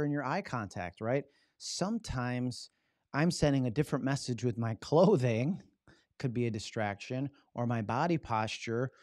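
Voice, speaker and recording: A man giving a casual live-streamed talk on public speaking, lively and acting out his examples. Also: medium pitch, no room sound, studio quality. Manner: animated, acts out examples with his body; casual, loose phrasing with "right?" tags.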